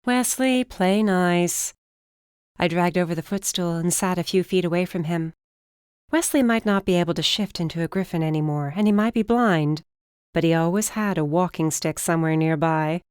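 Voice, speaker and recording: A woman narrating an audiobook in first person with a steady, even delivery. Her voice sits low and sounds smooth and resonant, recorded close on a studio mic in a dry booth. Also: fairly quick, no echo.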